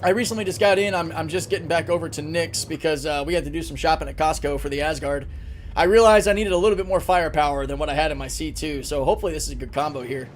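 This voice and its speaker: A man's voice: on the high side, quick pace, a little hiss or hum. A man live-streaming a game, chatting casually, thinking aloud and answering chat, with a recurring cough.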